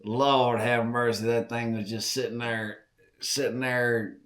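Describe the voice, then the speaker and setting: Podcast host, man, Southern drawl, folksy and animated storyteller who repeats himself for emphasis, mid-range voice. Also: medium pitch, unhurried. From Southern Virginia. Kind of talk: casual storytelling.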